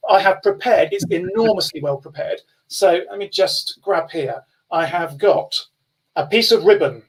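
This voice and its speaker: A cheerful man with a high voice gives shout-outs over a video call. He sits well back from the microphone, so he sounds thin and distant. He reels off names in eager bursts. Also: animated. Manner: enthusiastic, reads out names in quick bursts. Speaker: guest speaker. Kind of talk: upbeat live-stream shout-outs.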